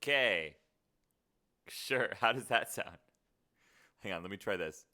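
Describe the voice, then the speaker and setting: A man's voice: lowish voice, lively intonation, slow, bright, forceful tone, slight background noise. A man streaming live in casual chat, muttering to himself and joking at his own expense, looping filler words in long strings. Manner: self-mocking, muttering to himself while fiddling with settings.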